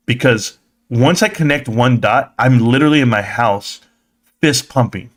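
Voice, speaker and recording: A man hosting a live stream in casual, excitable chat, talking straight to his viewers and swearing now and then. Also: mid-range voice, moderate pace. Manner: excitable, swears casually, acts out quoted voices.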